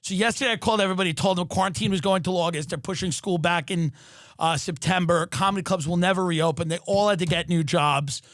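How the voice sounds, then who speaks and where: A podcast host from New York, recording in a Los Angeles home studio, launches into a sardonic, exaggerated comic rant in a fairly high voice. He swings from rushed bursts to slow, drawn-out lines and occasionally shouts for effect, all captured close and dry with no room echo.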